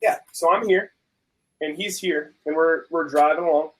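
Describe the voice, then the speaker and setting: A young adult man and host of a food channel, chatting casually and telling a story with lively acted-out quotes. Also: fairly high pitch, normal speed, rough recording. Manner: animated storyteller, acts out quotes.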